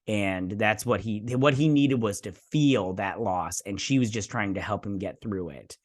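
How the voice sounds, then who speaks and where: A man's voice: on the low side, a little slow. A man hosting a casual TV review, rambling through an episode recap with loose asides and fillers. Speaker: host of a TV review channel.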